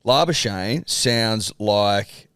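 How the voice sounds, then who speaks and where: An Australian man co-hosting a podcast, deadpan and insistent, repeating his points in casual banter. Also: lowish voice, very slow, clean tone, no room sound, clean studio sound. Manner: deadpan, insistent and self-defending. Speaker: podcast co-host.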